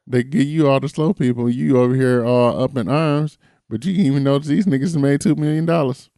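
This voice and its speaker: A man's voice: mid-range voice, fairly even intonation, a little fast, mellow, no room sound, clean studio sound. A man co-hosting a podcast in casual chat, laid-back and blunt. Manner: laid-back, blunt, calls people baby. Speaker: podcast co-host.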